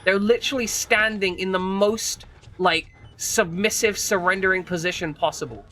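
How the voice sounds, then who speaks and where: A man's voice: sits high, steady tone, normal speed, pushed and bright, slight background noise. A man streaming a game, talking in a rambling, casual way with frequent swearing and restarts. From United Kingdom. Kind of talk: casual chat while gaming.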